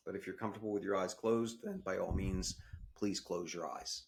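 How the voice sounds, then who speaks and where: A man leading a guided breathing meditation, with slow, gentle instructions in casual wording. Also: sits low, steady tone, gravelly. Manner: casual wording with small restarts. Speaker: meditation teacher.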